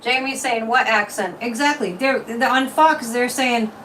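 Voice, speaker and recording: A woman hosting a psychic livestream, reading viewer comments and pulling tarot cards in an opinionated, casual chat with lively swings in pitch and loudness. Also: unhurried. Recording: distant mic with faint room noise.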